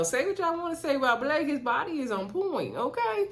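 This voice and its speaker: A woman's voice: sits high, brisk. A woman recapping a reality dating show in a casual, gossipy way, acting out what the cast said. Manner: animated, gossipy, acts out quotes.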